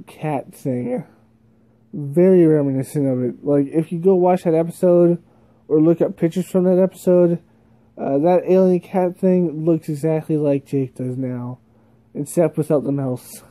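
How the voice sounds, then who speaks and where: A man's voice: on the high side, dark tone, dry recording. A man chatting casually as a YouTube reviewer, rambling with lots of fillers and little laughs, sounding sleepy. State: sleepy, yawning.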